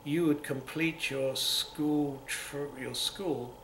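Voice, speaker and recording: Speaking slowly in a slightly high, steady, somewhat bright voice, this Englishman in his seventies rambles through an oral history interview, restarting and repeating himself often. His London accent sits somewhere between upper-class and Cockney. It's unscripted reminiscing, recorded in a museum room that sounds roomy with a faint hiss.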